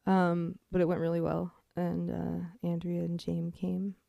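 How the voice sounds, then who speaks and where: Young woman on a podcast, bit of vocal fry, laughs a lot, dry close mic. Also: fairly low pitch, monotone, unhurried, no room sound, muffled recording. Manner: laughs often, swears casually. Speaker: podcast co-host. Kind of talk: casual chat.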